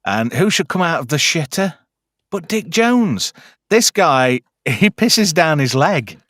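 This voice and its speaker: Man, podcast host, chatty, crude, animated, dry sound. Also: a little high, slow, dry recording. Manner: chatty, crude joking, lots of fillers. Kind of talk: casual film chat.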